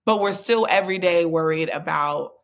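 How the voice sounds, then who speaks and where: A woman hosts a podcast in a relaxed, conversational way, and her voice is quite low. She tends to ask long, meandering questions. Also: normal speed, gravelly. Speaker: podcast host. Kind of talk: casual podcast interview.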